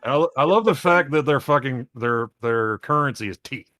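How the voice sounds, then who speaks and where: A young man hosting a casual podcast, rambling and animated and swearing freely as he talks. His voice sits at an ordinary middle pitch. The recording is dry, with no room sound. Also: normal speed, no echo. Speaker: podcast host.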